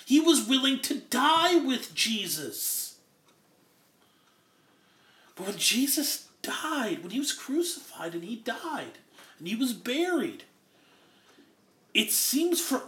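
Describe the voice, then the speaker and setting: A man's voice: extremely high pitch, fairly bright tone, reverberant. A man preaching an earnest expository sermon, explaining words one by one. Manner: earnest, explains Greek word by word.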